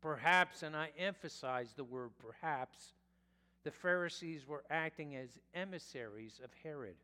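A male pastor preaching a sermon in a slow, deliberate way, sometimes correcting himself mid-phrase. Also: on the high side, pushed and bright. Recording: long reverb of a church hall.

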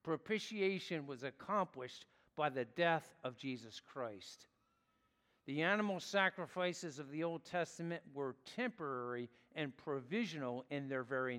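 Male pastor, higher-pitched voice, slow deliberate sermon delivery, reverberant hall. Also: fairly bright tone. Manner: earnest preaching, stressing key words, slow and deliberate.

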